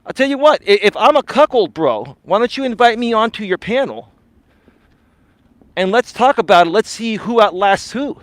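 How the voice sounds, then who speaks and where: Man, life coach, live stream rant, confrontational, high voice, dry close sound. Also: expressive, moderate pace, no room sound. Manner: confrontational, repeatedly calls the listener bro and sir.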